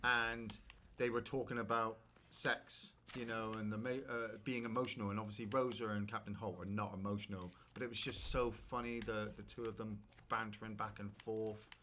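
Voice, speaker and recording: A man streaming a video game and chatting casually, rambling and breaking into sudden excited shouts at the game. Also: fairly low pitch, normal speed, a little hiss or hum. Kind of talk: casual chat while gaming.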